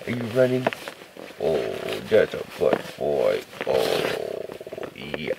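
A man on a camping trip talks to his dogs in a cooing, playful sing-song. His gravelly voice moves slowly and swings widely in pitch. The camera audio carries plain background noise. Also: huge pitch swings. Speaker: outdoor vlogger. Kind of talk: casual talk to his dogs. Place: outdoors camping, in a tent.

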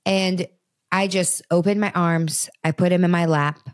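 A woman's voice: fairly low pitch, fairly even intonation, a little slow, dry recording, clean studio sound. A woman in her thirties hosting a parenting talk show, speaking earnestly and conversationally straight to her listeners. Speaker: podcast host.

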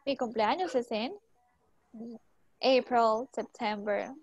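A woman's voice: high-pitched, animated, measured pace, dry recording, rough recording. A young woman teaching an English class to students, asking many short questions and switching into Spanish to explain.

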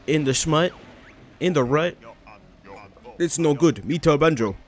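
A man's voice: on the high side, measured pace, close to an everyday voice. A man voicing a male shaman who talks in broken, choppy phrases. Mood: mumbling. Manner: choppy pidgin speech.

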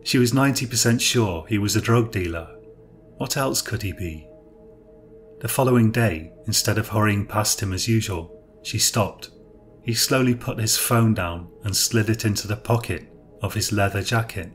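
A man with a low voice telling a dark story in a measured, even way. His reading is steady and unhurried. Soft music plays faintly underneath. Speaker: narrator. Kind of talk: scripted story narration.

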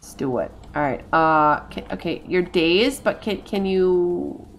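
A woman's voice: lowish voice, measured pace, a little hiss or hum. A woman in her thirties giving casual let's-play commentary, chatting to her game characters and to her viewers. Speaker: game streamer.

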